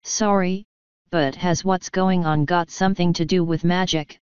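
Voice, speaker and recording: A determined young girl speaks sharply and insistently , as a woman reader voices her. The delivery is slow and very clean. The recording is dry and a little dull. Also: fairly low pitch, fairly even intonation, darkish tone, smooth, no echo, close to an everyday voice. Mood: hesitant.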